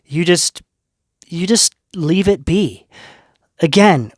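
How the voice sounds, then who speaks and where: A man's voice: sits high, takes it slowly, no room sound, clean studio sound. A man giving a tarot reading to his viewers, talking in an earnest, spiritual way and checking in often with "right?" and "okay?". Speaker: tarot reader.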